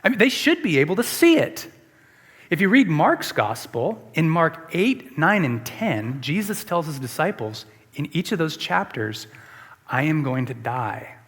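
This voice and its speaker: A man's voice: a little high, very animated, unhurried, a bit bright, slightly rough. A man preaching a sermon as a pastor, emphatic and repeating rhetorical questions to the congregation. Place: church sanctuary. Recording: long church reverb.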